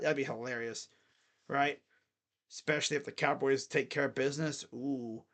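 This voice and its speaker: Excitable man rambling over football picks. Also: sits high. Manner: rambling, excitable, thinks aloud. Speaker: sports picks channel host. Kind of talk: casual football picks talk.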